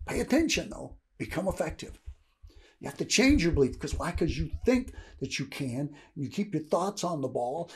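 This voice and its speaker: An older man from Kentucky gives a casual, rambling motivational talk. He keeps checking in with "right?" and chuckles between points. His voice sits a little high and swings widely in pitch. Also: mellow. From Louisville, Kentucky, USA. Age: 60s. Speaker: motivational speaker.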